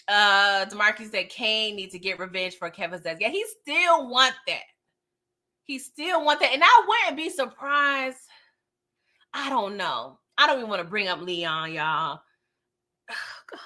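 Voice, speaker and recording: Bright, lively woman recapping a show. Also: fairly high pitch. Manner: animated, tags lines with "okay?"; laughs often while talking. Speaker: TV recap channel host. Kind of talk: casual recap commentary.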